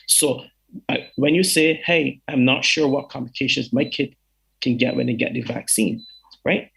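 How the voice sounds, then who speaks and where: A Barbadian man speaks earnestly over a call, stopping and restarting his sentences often. His voice is heavily gravelly and husky. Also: medium pitch, fairly bright tone, rough recording. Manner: earnest, halting, many fillers and restarts. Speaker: chief medical officer. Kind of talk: town hall answer. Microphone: video call.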